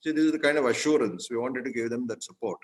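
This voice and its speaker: A man giving a storytelling speech as a guest speaker, earnest, often clearing his throat and restarting his sentences. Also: medium pitch, fast talker, poor audio. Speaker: guest speaker at a club meeting.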